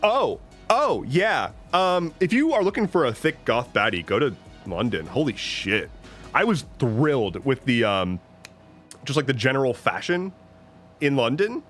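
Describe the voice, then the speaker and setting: A man's voice: mid-range voice, sing-song, a little slow, fairly bright tone. A man chatting casually on a stream, rambling and joking with lots of restarts and swearing. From United States. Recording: faint music behind.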